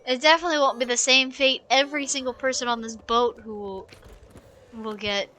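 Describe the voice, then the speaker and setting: A woman's voice: on the high side, fairly even intonation, fairly quick, pushed and bright, slight background noise. A woman streaming a video game live, reading story text aloud and reacting expressively, with ready laughter.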